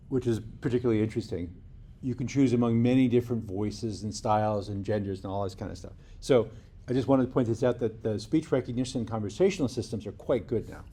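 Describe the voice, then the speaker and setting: A man's voice: medium pitch, dark tone, slightly rough. A man giving a university lecture in a conversational way, often restarting sentences and checking in with the class. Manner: conversational, with restarts and rhetorical "right?". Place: lecture hall.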